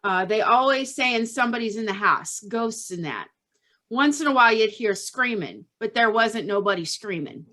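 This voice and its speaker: Woman putting on a pittsburgh young guy, rambling about noises, halting. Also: fairly high pitch, expressive, sharp tone. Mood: uneasy. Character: troubled young man recalling ghostly noises.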